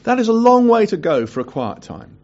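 A man preaching a sermon who asks his listeners questions and reads scripture aloud in a hushed voice. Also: sits high, very animated, fairly quick. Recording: dull lo-fi recording.

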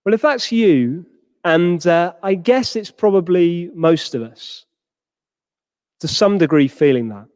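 High-voiced man preaching a sermon. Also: animated, a little slow, darkish tone, no room sound, big-room sound. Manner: acts out quoted characters with rising pitch.

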